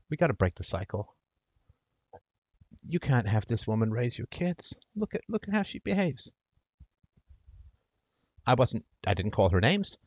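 On his call-in show, a man with a lowish voice offers impassioned advice and addresses the caller's brother in role-play, shifting from loud to hushed. There is no room sound in the recording.

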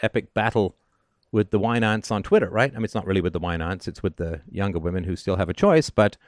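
A man's voice: low-pitched, fast talker, dry recording, clean studio sound. A man hosting a call-in show, giving advice in an emphatic, sardonic monologue and often asking "right?".

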